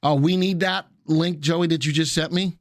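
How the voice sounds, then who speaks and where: A man's voice: fairly high pitch, fairly even intonation, moderate pace, dry recording, studio quality. A middle-aged man from Brooklyn, hosting a live market stream in a casual, chatty way, greeting viewers by name and tossing in jokes. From Brooklyn, New York. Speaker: livestream host and market instructor.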